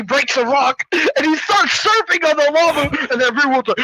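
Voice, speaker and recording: Man, very high bright voice, rambling comedic movie recap, animated, dry close sound. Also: brisk, no echo, rough recording. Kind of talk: casual comedic movie retelling.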